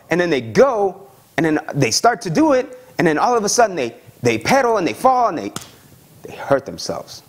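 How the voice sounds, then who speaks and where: A male pastor preaching a sermon in a conversational, animated way, often checking in with "okay?" and acting out the voices of the people he describes. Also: sits high, a little fast. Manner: acts out voices of excited young believers.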